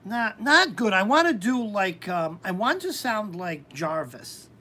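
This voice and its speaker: A woman hosting a live-stream tarot reading, talking hesitantly with many pauses and ums. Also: medium pitch, very animated, bright, forceful tone, a little hiss or hum.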